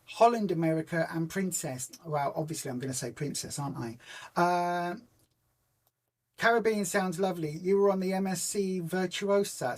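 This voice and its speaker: A chatty woman hosts a relaxed weekend live stream. She rambles from story to story, retelling whole conversations in reported speech and stopping often to answer viewer comments. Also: mid-range voice. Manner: homely and informal, many ums and restarts. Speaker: host of a weight loss community live stream.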